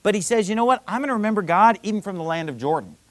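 A man preaching a sermon in an animated, conversational way, full of rhetorical questions and quoted scripture. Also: high voice, rapid-fire, dry recording. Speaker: pastor.

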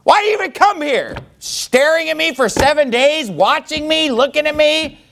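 Man doing a high, lively shouting grieving man, bitter and sarcastic. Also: brisk. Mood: furious.

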